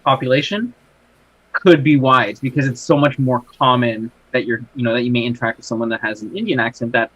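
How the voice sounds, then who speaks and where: A man moderating a casual podcast, speaking in a measured, hedging way and circling back as he thinks. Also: medium pitch, fairly bright tone, husky, no echo. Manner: measured, hedging, restarts a lot. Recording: dull, dry lo-fi podcast recording.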